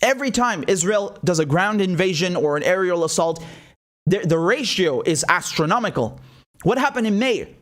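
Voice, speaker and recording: A man's voice: high voice, expressive, moderate pace, a bit bright. A man delivering a heated, sarcastic political opinion monologue as host of his own show. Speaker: political commentator.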